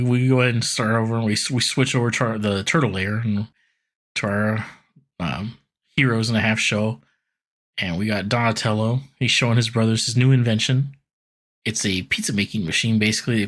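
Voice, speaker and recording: A man's voice: fairly low pitch, fairly even intonation, a little fast, fairly bright tone. A man co-hosting a podcast, loosely recapping a cartoon episode with lots of "like" asides and the odd curse. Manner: loose, profane, full of "like" asides. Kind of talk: casual recap chat.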